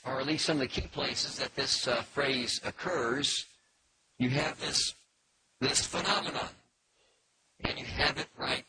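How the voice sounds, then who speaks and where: A man of middle pitch gives a careful Bible lesson and explains the passage step by step. He pauses often and fills gaps with small hesitations. Steady hiss and faint clicks run under the recording. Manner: measured, explanatory, with pauses and fillers. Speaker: Bible teacher.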